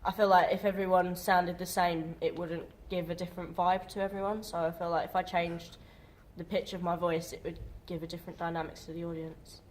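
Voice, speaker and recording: A woman's voice: fairly low pitch, little pitch movement, fairly quick. A woman drama student talking casually in a group discussion, chatty and full of fillers.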